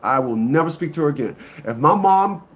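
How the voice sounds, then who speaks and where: A man's voice: expressive, brisk. Blunt, emphatic man ranting. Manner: swings between loud outbursts and low muttering. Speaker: online commentator. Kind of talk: ranting monologue to a live audience.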